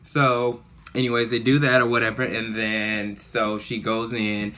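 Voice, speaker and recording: Man, casual vlogger, low pitch, bright edgy tone, chatty. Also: measured pace. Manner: chatty, animated, lots of fillers. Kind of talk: casual storytelling vlog.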